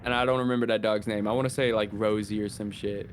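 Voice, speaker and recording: A male streamer in casual chat, animated, swearing often and putting on voices as he retells a game. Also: fairly low pitch, quick pace, slight background noise.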